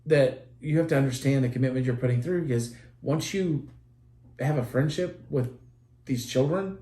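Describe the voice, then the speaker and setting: A man's voice: mid-range voice, normal speed, warm tone. A man co-hosting a parenting podcast, talking in an earnest, rambling way with many restarts. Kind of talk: casual podcast chat. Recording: roomy echo.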